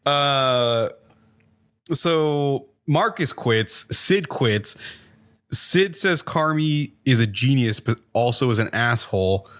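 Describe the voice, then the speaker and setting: A man in a casual podcast chat, walking through a TV episode's plot at an easy, rambling clip. He swears freely and leans on fillers, at an ordinary middle pitch for a man. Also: animated, takes it slowly, fairly bright tone. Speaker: podcast co-host reviewing a TV show.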